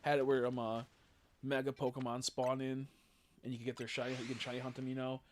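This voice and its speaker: A man's voice: medium pitch, flat delivery, quick pace, slight background noise. A young man streaming a game, chatting casually in a rambling way, swearing freely and tossing in jokey asides. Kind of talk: casual gaming livestream chat.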